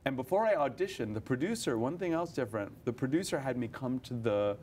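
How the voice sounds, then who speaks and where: A young man, an actor, chatting in an interview about his stage roles, animated, often laughing and restarting his sentences. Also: mid-range voice, quick pace, slight background noise. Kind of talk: casual interview chat.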